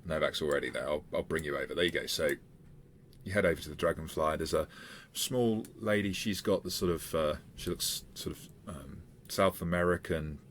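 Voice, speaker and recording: A man running a tabletop game as game master, narrating in a halting way with frequent fillers. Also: rumbling low, slight background noise. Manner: halting, with many fillers and restarts.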